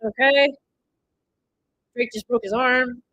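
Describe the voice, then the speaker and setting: A woman streaming a watch party, blurting excited reactions, swearing, and recapping the plot in loose, rambling sentences. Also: on the high side, takes it slowly, rough recording. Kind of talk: live watch-party commentary.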